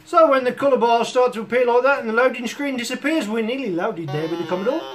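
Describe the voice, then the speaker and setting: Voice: mid-range voice, fast. A retro gaming host who gives casual, chuckling commentary on his own play and often laughs at himself. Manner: chuckling often, self-mocking. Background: chiptune game music.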